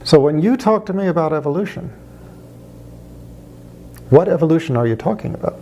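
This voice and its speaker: Speaking to camera, a man from the United States who talks about religion makes his argument conversationally, mixing rhetorical questions with wry anecdotes. He sounds animated and brisk, with a slightly high, darkish voice and slight background noise.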